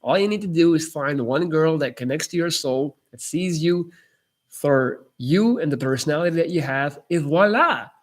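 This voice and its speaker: Male streamer, slightly raised pitch, blunt coach-style talk answering chat. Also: lively intonation, normal speed. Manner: blunt, swears freely, emphatic. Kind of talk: casual live-stream chat.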